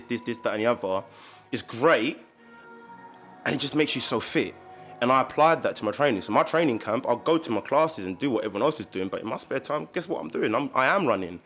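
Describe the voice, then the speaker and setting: A man who works as a personal trainer, guesting on a casual podcast. He talks in a laid-back, slangy way with emphatic asides, at a middle pitch. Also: fairly bright tone. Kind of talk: casual chat.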